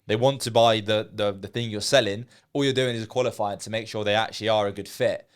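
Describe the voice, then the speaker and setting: A man's voice: fairly low pitch, steady tone, fairly quick, clear, resonant tone. A man interviewing a young salesman, casual and blunt, swearing freely and asking leading questions. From England.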